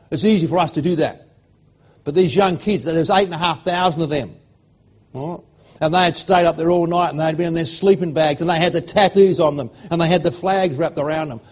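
A middle-aged Australian man preaching a sermon, swinging from loud fervent declarations to hushed, emotional storytelling. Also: fairly high pitch, slightly rough.

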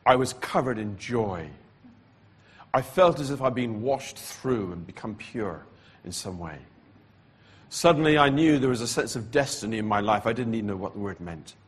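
A man with a husky, slightly rough voice tells his personal testimony from the pulpit. He talks slowly and deliberately, letting pauses carry the weight of the story. A frequent cough interrupts him. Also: on the low side, expressive. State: coughing repeatedly. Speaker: preacher giving his testimony.

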